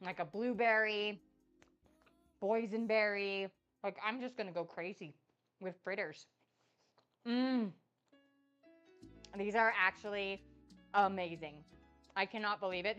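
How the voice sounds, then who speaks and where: A woman's voice: mid-range voice, a little slow, pauses often, fairly bright tone, smooth, dull audio, faint music behind. A young adult woman chatting casually on a cooking livestream, gushing and effusive as she tastes her food. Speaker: cooking streamer. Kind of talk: casual cook-along livestream chat.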